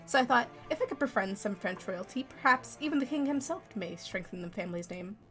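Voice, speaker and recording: A woman's voice: medium pitch, lively intonation, fairly quick, fairly bright tone, faint music behind, natural voice. A woman voicing a polite, earnest young male prince who speaks formally as he recounts events. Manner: courteous, formal storytelling.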